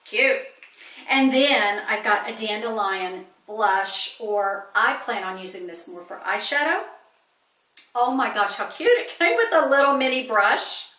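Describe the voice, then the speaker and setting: A woman's voice: on the high side, lively intonation, measured pace, bright, forceful tone. A woman chatting to camera in her home office, gushing over the things she bought. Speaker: vlogger showing purchases. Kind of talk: casual haul chat to camera. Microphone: camera set on a small table. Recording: echoey room.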